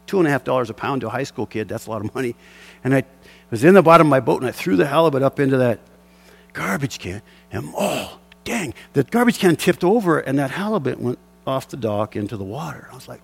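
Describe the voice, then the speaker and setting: Here a middle-aged pastor preaches with impassioned fervor, breaking off into a chuckling personal story about fishing. His voice sits in the mid-range and has a gravelly texture.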